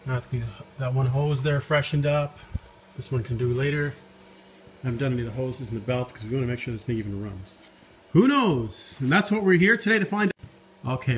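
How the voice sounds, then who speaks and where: Man, mid-pitch, casual hobbyist narrating repairs, light self-mockery; slight background noise. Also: a bit bright. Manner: jokey, self-deprecating, talks while working. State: out of breath. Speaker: car hobbyist vlogger. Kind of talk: casual garage vlog. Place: home garage and driveway.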